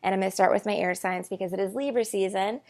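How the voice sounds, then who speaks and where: A woman's voice: mid-range voice, fairly even intonation, fast, darkish tone. A woman giving a casual, rambling tarot reading on her channel, talking into earbud microphones with many fillers. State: tearful, emotional at times. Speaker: tarot reader.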